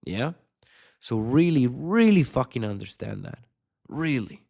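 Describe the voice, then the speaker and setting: A man's voice: mid-range voice, big pitch swings, unhurried, vocal fry, a little mellow, husky. A man coaching on sales in an unscripted video lesson, blunt and swearing constantly, with punchy emphatic delivery.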